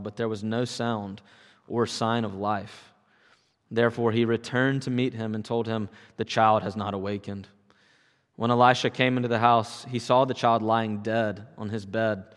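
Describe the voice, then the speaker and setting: A man reading a long Bible passage aloud in a measured, even way during a church service. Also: fairly low pitch. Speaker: scripture reader. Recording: long reverb.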